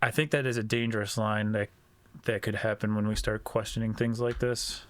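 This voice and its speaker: A man voicing a calm male chaplain who asks gentle, measured questions in a tabletop game. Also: on the low side, slight background noise, lightly acted. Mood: probing.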